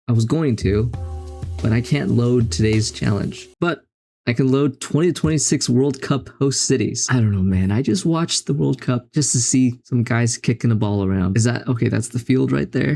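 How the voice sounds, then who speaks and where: A man's voice: mid-range voice, a little mellow. A young man hosting a gaming video, talking casually through daily geography puzzles in a self-mocking, exasperated way. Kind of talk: casual commentary while playing.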